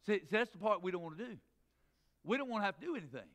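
A middle-aged man, a pastor preaching a sermon in church, swinging between loud emphatic preaching and quick low asides. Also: expressive. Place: church sanctuary.

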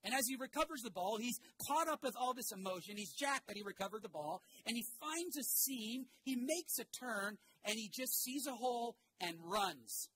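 A man's voice: extremely high pitch, moderate pace, few pauses, a little hiss or hum, poor audio. A man preaching a sermon to his congregation, telling a story with energy and getting the crowd to repeat phrases back to him. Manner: animated storytelling with shouted asides. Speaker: pastor. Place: church sanctuary.

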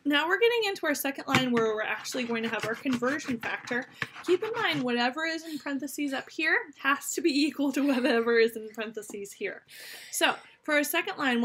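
With a high, slightly bright voice, a woman leads a fifth grade math lesson on video, addressing her students directly in an upbeat, encouraging tone. There's faint background noise and a toddler babbling close by.

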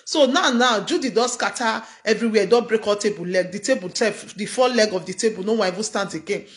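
A woman's voice: medium pitch, a little fast. A middle-aged woman with a Nigerian accent, chatting through a gossip story in a casual commentary style and often asking "you understand?". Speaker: gossip vlogger.

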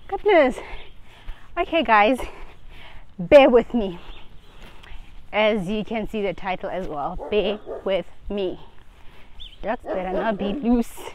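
A woman's voice: medium pitch, slight background noise, rough recording. A woman talking casually in a rambling way while out of breath from walking outdoors, filming on her phone. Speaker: vlogger. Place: outdoors on a street. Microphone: phone held while walking.

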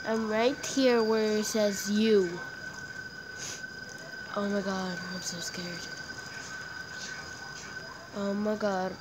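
A woman giving let's play commentary on a horror game, panicking and shrieking, repeating herself, then muttering to calm herself down. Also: mid-range voice, extremely slow, long pauses, noisy background. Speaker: gamer playing a horror game.

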